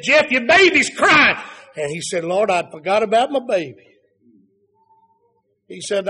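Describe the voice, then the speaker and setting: Man, preacher, sermon, very high pitch, fervent, swings loud and soft. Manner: fervent, rising to shouts then dropping low.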